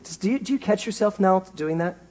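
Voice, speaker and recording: A man preaching a sermon to a congregation in a small theater, animated and rising to excited emphasis, asking his listeners questions. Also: high voice, fast talker. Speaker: minister.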